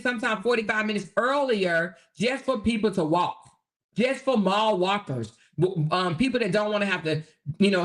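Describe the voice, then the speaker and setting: A brash woman rants on her own livestream, combative and swearing freely. She talks straight to her viewers and keeps checking in with them as she goes. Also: medium pitch. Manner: addresses viewers directly with repeated "okay?". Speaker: livestream host. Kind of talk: profane live-stream rant.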